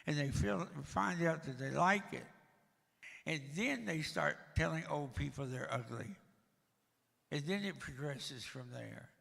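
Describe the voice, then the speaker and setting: Gravelly older man telling dry jokes. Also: fairly high pitch, animated, measured pace, fairly bright tone, in a large hall. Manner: dry, joking storyteller. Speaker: guest speaker. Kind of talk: storytelling talk to a church audience. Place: church.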